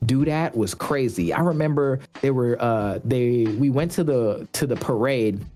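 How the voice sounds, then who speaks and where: A man in casual podcast chat who tells animated stories, full of restarts and fillers. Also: medium pitch, unhurried, faint music behind. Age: adult parent of a daughter. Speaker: podcast guest.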